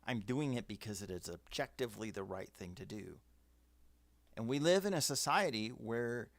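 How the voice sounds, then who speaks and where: A man's voice: medium pitch, gravelly, no room sound. A man hosting a casual livestream, giving firm opinions and reading out viewer comments. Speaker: livestream host. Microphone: webcam setup.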